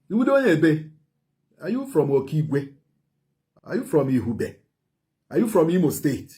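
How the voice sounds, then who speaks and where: A man's voice: on the high side, big pitch swings, moderate pace, pauses often, dark tone. A man with a Nigerian Igbo accent giving heated commentary, emphatic and repetitive, switching between Igbo and English. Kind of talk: heated social media commentary.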